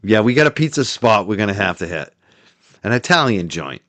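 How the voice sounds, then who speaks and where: A man hosting a livestream, reading and thanking viewers' super chats in a casual, chatty way, laughing easily and trailing off quietly. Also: fairly low pitch, big pitch swings, a little fast, no echo.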